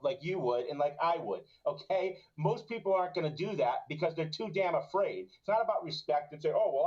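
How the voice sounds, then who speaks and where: A high-pitched man rants with indignant emphasis on a live stream. The sound is dull and lo-fi, like a muffled call. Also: husky. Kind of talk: heated live-stream talk. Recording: dull lo-fi audio.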